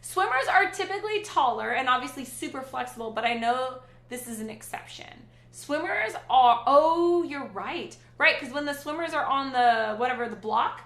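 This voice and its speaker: A woman's voice: sits high, animated, normal speed, few pauses, a bit bright, roomy sound. A middle-aged woman hosting a livestream, chatting casually and reading viewer comments aloud in a rambling way. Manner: chatty and rambling, with frequent restarts and asides. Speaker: livestream host.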